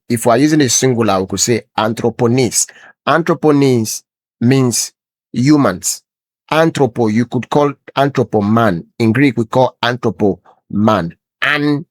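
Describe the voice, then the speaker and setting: A man's voice: medium pitch, dry recording. A man teaching a Bible lesson over a screen share, repeating words and explaining bit by bit.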